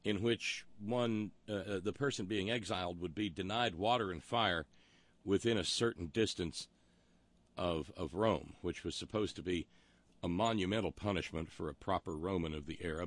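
A man's voice: low-pitched, normal speed, no room sound. A man hosting a talk show, delivering a wry, rambling monologue full of historical asides. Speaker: radio talk show host.

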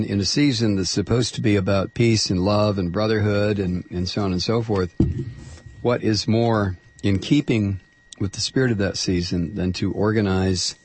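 A man's voice: lowish voice, darkish tone, husky. A man hosting talk radio, reading quotes aloud and commenting with frequent hesitant fillers. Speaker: radio host.

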